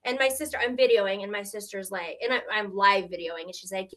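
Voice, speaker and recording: A middle-aged woman, a grandmother, telling her story as a guest on a live stream, animated and emotional, acting out what people said. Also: mid-range voice, fairly quick. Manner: animated, tearful at times, quotes people in shifting voices.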